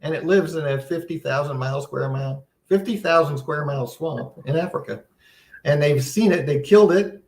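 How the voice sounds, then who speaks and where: A man's voice: on the high side, normal speed, a little mellow, echoey room. A man giving a casual, earnest Bible seminar talk, teaching conversationally with many restarts and a sense of wonder. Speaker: seminar presenter.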